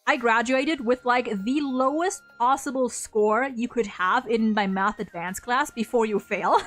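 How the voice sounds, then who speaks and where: A woman's voice: a little high, measured pace, a bit bright, faint music behind. A young woman from Germany with a slight German accent, chatting casually on a live stream in a rambling way, with lots of fillers and free swearing.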